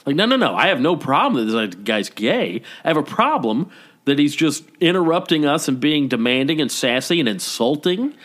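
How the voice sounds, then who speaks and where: Speaking into a podcast mic, this co-host spins a tale during relaxed conversation, keeping a moderate pace. He animates the story by performing people's quoted lines, his pitch leaping widely.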